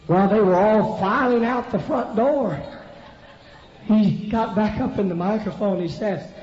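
A man's voice: sits high, measured pace. A man preaching, telling a humorous story in a folksy way, often repeating himself and talking straight to his listeners. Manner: folksy, repetitive, addresses audience directly. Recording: echoey hall, dull lo-fi sound, faint noise.

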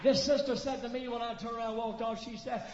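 A man preaches in a very high, ringing voice that climbs into full shouts. He drops to hushed asides while telling stories from the pulpit, then surges back up. The sound carries the echo of a big church and a slightly dull, muffled quality. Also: steady tone, quick pace, a faint crowd, a little hiss or hum. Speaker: Pentecostal preacher. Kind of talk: shouting revival sermon with storytelling. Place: large church sanctuary. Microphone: pulpit microphone. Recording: echoey, dull church recording.

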